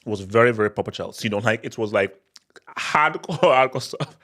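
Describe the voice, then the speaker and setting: A man hosting a casual live question-and-answer stream, talking in an animated way with many restarts and frequent laughter. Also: lowish voice, fast talker. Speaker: football channel host.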